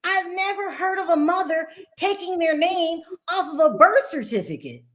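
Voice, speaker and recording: A woman with a high, light voice hosts a casual gossip talk show. She talks bluntly and with animation, and she laughs easily as she gives her opinions. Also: lively intonation, normal speed, fairly bright tone. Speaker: podcast host.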